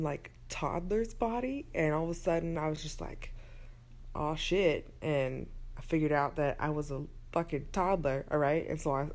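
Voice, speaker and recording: A woman's voice: deep voice, darkish tone. A woman in her twenties telling a rambling, profanity-laced story into her phone at night in her bedroom. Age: 20s. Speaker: vlogger. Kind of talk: late-night phone rant.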